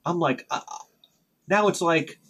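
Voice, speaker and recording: On his casual vlog, a retro game host with a slightly high, breathy voice takes his time telling a meandering story. Every so often he bursts into animated reenactments, performing both parties in the conversation.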